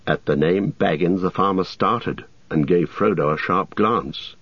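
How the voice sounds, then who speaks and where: A man narrating an audiobook in a measured, expressive storytelling manner. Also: low voice, breathy edge, no echo. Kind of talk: audiobook reading. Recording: dull, dry close-mic audio.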